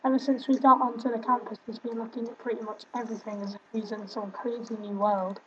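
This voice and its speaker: A woman's voice: a little high, flat delivery, fast, a little hiss or hum. Giggly woman streaming a game. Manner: chatty, giggly, fond asides about her cat. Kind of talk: casual let's play commentary and reading game text aloud. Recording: slightly muffled home stream audio.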